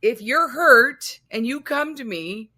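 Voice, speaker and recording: A woman's voice: high voice, takes it slowly. A woman co-hosting a casual podcast conversation, telling stories and acting out quoted lines. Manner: animated storytelling, acts out quotes in raised voice. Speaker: podcast co-host.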